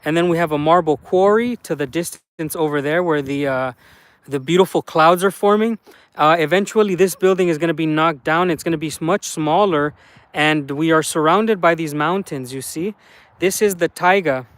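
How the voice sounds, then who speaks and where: A man's voice: a little high, normal speed. A man chatting casually on a live stream outdoors in a garden, rambling with many fillers and greeting viewers.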